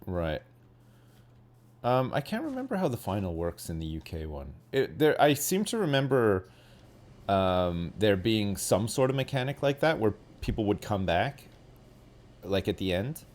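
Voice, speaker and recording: A man with a British accent talks over a game in relaxed stream chat. His voice sits fairly low but swings up and down a lot as he rambles, stopping to correct himself mid-sentence. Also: measured pace. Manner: rambling, lively, self-correcting. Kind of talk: casual gaming chat.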